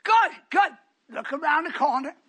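A male preacher with a very high, bright voice delivers a scolding sermon at a slow, deliberate pace. He swings between shouting and near-whispers, his pitch leaping all over. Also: lively intonation. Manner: scolding, shouts then drops to hushed tones. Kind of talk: fiery sermon.

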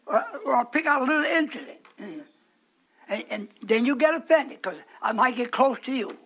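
A man preaching a sermon to his congregation, moving between hushed, whispered asides and raised, emphatic lines, with chuckles between. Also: extremely high pitch, lively intonation, moderate pace, breathy edge.

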